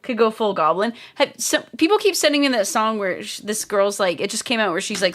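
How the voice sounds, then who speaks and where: A woman's voice: mid-range voice, animated, a little fast, few pauses, a bit bright. A woman live streaming while crafting, chatting casually and reading viewer comments aloud. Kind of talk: casual livestream chat.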